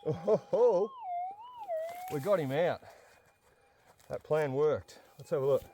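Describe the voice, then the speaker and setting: This metal detecting host chats to viewers as he works outdoors in the bush, his voice a little high with a dark tone. He talks slowly but with lively intonation, and a faint hiss or hum sits under the audio.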